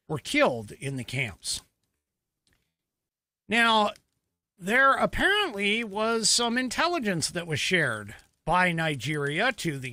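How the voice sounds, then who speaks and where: A middle-aged male podcast host delivering casual political commentary, stopping to correct himself and filling pauses as he goes. His voice is bright and a touch high, and it swings widely in pitch. The sound is dry and close. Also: dry recording. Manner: conversational, with frequent fillers and self-corrections.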